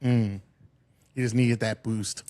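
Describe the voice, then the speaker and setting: A man's voice: lowish voice, steady tone, slow, warm tone. A man hosting a casual podcast chat, laid-back and crude, laughing often. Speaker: podcast host.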